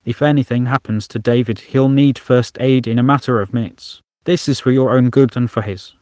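A man's voice: mid-range voice, fairly even intonation, normal speed, a little mellow, dry recording, natural voice. This is a nagging female inner voice who frets about every possible disaster, as a man reading the story puts her on. She talks sharply and insistently, never satisfied. The sound is dry and close. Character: nagging female critical inner voice, anxious and relentless.

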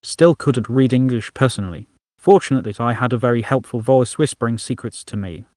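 A male storyteller with a mid-range voice and steady, measured delivery. The read is dry and close, with no room around it. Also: mid-range voice, dry recording. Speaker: narrator. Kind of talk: storybook narration.

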